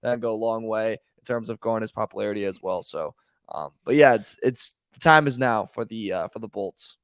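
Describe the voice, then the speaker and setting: A man's voice: fairly low pitch, fairly quick, clean tone, no echo, studio quality. A man co-hosting a sports podcast in a rambling way, full of fillers and restarts. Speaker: podcast co-host. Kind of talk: casual sports talk.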